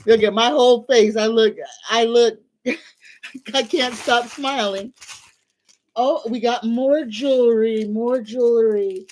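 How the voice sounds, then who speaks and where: A woman's voice: a little high, fairly even intonation, a little mellow, slight background noise. A woman hosting a casual livestream as a tarot reader, gushing and grateful. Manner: gushing and grateful, talks slowly.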